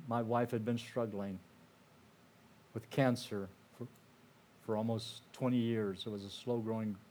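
Older man telling an earnest church testimony. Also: medium pitch. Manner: conversational and storytelling, with frequent "you know" and restarts; earnest and emotional, dropping softer at heavy moments. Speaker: guest speaker sharing his testimony. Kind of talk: personal testimony told to a church audience.

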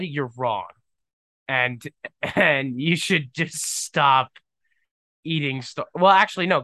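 A man's voice: fairly high pitch, bright, forceful tone, dry recording. Young man, podcast host, casual rambling chat, emphatic, dry close sound. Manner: rambling, emphatic, says "dude" a lot.

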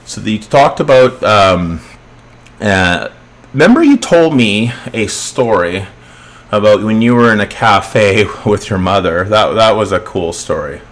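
A man's voice: on the low side, lively intonation, unhurried. A man hosting a podcast interview, giving short prompts and easy reactions. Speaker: podcast host. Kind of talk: casual interview. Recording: faint background ambience.

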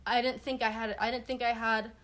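A young woman casually telling a personal story, animated and swearing freely, laughing as she goes. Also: fairly high pitch, brisk. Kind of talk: casual podcast chat.

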